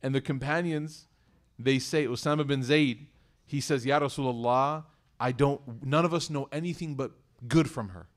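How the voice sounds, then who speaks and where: Male community speaker at mid pitch, telling a story, animated with hushed asides. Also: normal speed. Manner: animated storyteller, swings between loud emphasis and hushed asides. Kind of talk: storytelling talk to a congregation.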